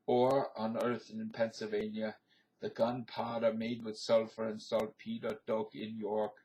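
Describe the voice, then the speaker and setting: A man reading a history text aloud in a measured, declamatory storytelling manner. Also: medium pitch, darkish tone, slight background noise, low-quality recording.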